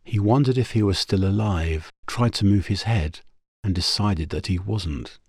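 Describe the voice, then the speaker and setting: Deep-voiced man reading a story. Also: normal speed, darkish tone, breathy edge, no room sound, studio quality. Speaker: narrator. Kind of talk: audiobook reading of pulp science fiction.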